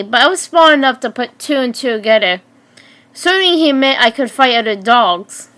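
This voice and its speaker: A woman in her twenties reading her own story aloud in a halting way, often stumbling and restarting words. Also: sits high, bright, forceful tone. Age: 20s. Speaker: story narrator.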